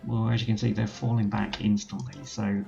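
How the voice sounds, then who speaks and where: A man's voice: on the low side, little pitch movement, normal speed, gravelly, mellow, dull audio, soft background music. A man commentating a strategy game let's play, thinking aloud as he gives orders to his units. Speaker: gaming channel host.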